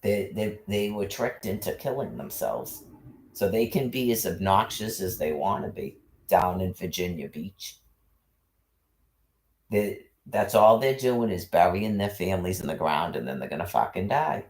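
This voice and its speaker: A man's voice: sits low, expressive, unhurried, a little hiss or hum. A man ranting into his livestream in an agitated monologue, cursing heavily and repeating himself as he piles up accusations.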